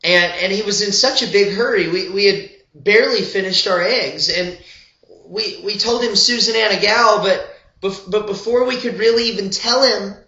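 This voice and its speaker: Older man telling a rambling tale, bright and high. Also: moderate pace. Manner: meandering, full of digressions and asides. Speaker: storyteller and old-time fiddler. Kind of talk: rambling humorous storytelling. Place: at home. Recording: roomy, slightly dull home recording.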